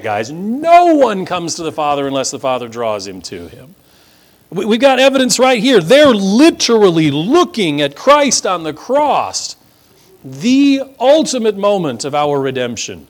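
Male pastor, sermon from the pulpit, voice a touch high, emphatic list-building delivery. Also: huge pitch swings, moderate pace. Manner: emphatic, building rhetorical lists. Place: church sanctuary before a congregation.

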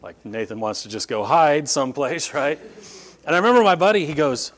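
A middle-aged man preaching a sermon as pastor, telling stories with lively shifts and acting out the people he quotes. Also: on the high side, fairly quick. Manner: animated storytelling, voices quoted speakers.

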